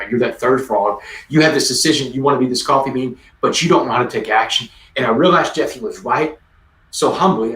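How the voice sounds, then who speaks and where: A man's voice: mid-range voice, a bit bright, roomy sound. Man in his forties, emphatic storyteller, video-call audio from a distance. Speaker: guest speaker. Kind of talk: conversational storytelling.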